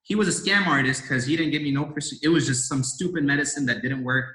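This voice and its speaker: A man's voice: a little high, fast talker, pushed and bright. A young man in his twenties from India, a podcast guest telling his story in a rambling, casual way with lots of fillers and restarts. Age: 20s. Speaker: podcast guest, door-to-door salesman. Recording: roomy echo.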